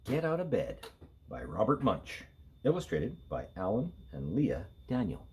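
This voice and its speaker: A man, an elementary school teacher, reading a picture book aloud to children in a playful, expressive way. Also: lowish voice, measured pace, husky. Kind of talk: read-aloud storytelling for children.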